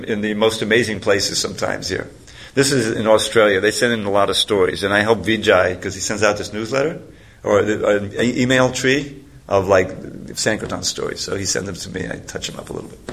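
A man's voice: lowish voice, fairly bright tone. A man giving a talk, telling a story in a loose, rambling way. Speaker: speaker.

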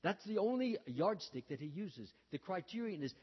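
Guy telling a sermon story, lots of uh's and restarts, pitch jumps all over, husky voice, echoey hall, kinda dull sound. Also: sing-song. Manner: halting, many fillers and restarts, acts out quoted lines. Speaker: religious speaker.

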